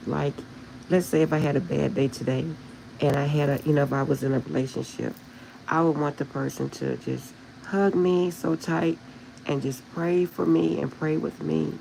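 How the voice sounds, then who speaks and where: A woman's voice: low-pitched, steady tone, moderate pace, vocal fry, warm tone, a little hiss or hum, low-quality recording. A woman hosting a spiritual livestream, talking to her viewers in a heartfelt, emotional way. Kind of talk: casual livestream chat with viewers.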